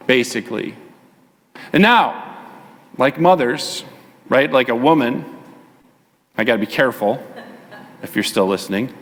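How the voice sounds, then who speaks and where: A male pastor preaching a sermon, telling a Bible story with animated delivery and chatty asides to the congregation. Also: fairly high pitch. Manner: animated storytelling, acts out the voices. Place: church sanctuary. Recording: long reverb of a church hall.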